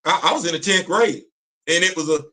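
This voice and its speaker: Male live-stream host, bright edgy tone, emphatic ranting commentary. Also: sits high, fast talker. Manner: emphatic, repetitive, street slang and rhetorical questions. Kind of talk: impassioned commentary. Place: home studio on a live stream.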